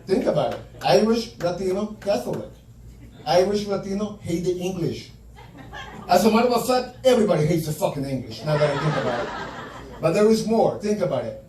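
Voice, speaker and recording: A man's voice: high-pitched, a little mellow, a little hiss or hum. A male stand-up comedian delivering a crude, punchy comedy set full of profanity in a comedy club. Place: comedy club stage before a laughing audience. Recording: echoey club room, mic at a distance.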